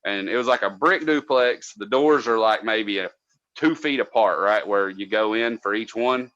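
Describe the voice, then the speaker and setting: A man from North Georgia, a podcast co-host telling a casual, profane story from his days as a cable tech, loudly acting out what people said. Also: on the low side, moderate pace, no room sound, muffled recording. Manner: profane, animated, acts out quotes loudly.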